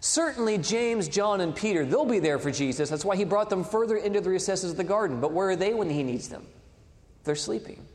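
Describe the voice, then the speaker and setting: A man preaching with a lively, rising and falling voice. He swings from loud declarations to hushed, near-quiet lines. His words ring out with a long hall reverb. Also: sits high, brisk. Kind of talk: sermon.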